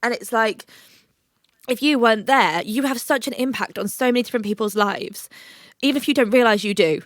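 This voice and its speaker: A woman's voice: a little high, fairly quick, no echo, studio quality. A young woman on a podcast, reassuring and protective toward her best friend, emotional and sweary. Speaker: podcast co-host. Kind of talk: emotional supportive chat.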